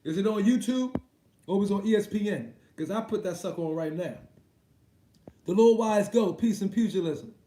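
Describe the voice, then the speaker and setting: Casual male live-stream host, high voice, loose and profane, echoey room. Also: moderate pace, warm tone. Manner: loose, profane, laughs often. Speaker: boxing livestream host.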